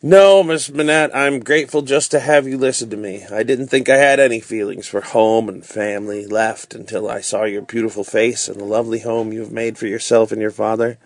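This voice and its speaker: Storybook figure: a self-loathing, devoted young man, voiced by a male reader; slow and heavy, dry close sound. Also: on the low side, no room sound. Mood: sorrowful.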